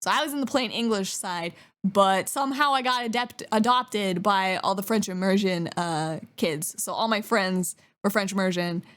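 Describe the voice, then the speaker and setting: A woman's voice: medium pitch, normal speed, a bit bright. A young woman from Western Canada, chatting casually on a live stream, giggling often and trailing off with fillers.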